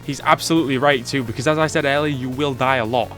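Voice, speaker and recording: A man's voice: mid-range voice, fairly even intonation, fast talker, a bit bright, soft background music. A man doing a comedic voice-over review of an old game, sarcastic, sweary and mock-indignant.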